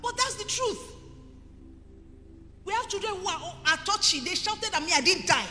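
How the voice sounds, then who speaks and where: Nigerian woman pastor, middle-aged, emphatic sermon, bright and animated, echoing hall. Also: very high voice, moderate pace. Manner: emphatic, rising to forceful preaching. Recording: reverberant hall with faint music.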